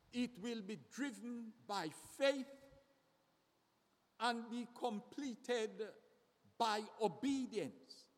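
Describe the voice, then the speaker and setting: A man preaching a sermon slowly and deliberately, often repeating words as he searches for the next one. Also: extremely high pitch, a bit bright. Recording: long reverb of a hall.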